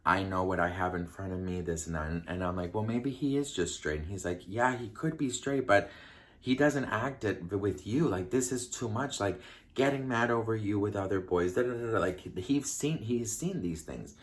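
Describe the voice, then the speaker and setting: Guy doing a chatty storytime vlog, lots of acted-out quotes, lowish voice. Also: animated, normal speed. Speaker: vlogger telling a story. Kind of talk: casual storytime chat.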